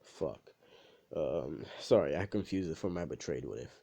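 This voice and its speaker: Rumbling low, with a creaky, dark tone, a young man casually makes up a fan story at normal speed, animated and profane, full of slang and filler. It's captured on a dull lo-fi home recording.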